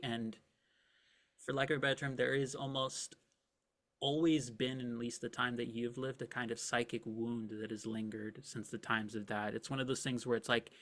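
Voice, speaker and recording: A man's voice: medium pitch, pushed and bright. A man narrating a tabletop game as game master, describing scenes casually and vividly with many filler words.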